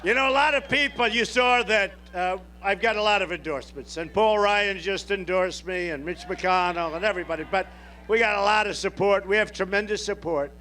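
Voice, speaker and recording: A man's voice: high voice, a little fast, sharp tone. A man making a campaign rally speech at an outdoor airport rally, boastful and repetitive, speaking off the cuff to the crowd. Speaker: presidential candidate at a rally.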